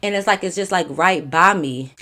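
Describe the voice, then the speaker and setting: A young woman with a fairly low voice tells a storytime vlog at normal speed over music. She's animated and conversational, swearing a lot and filling her speech with fillers.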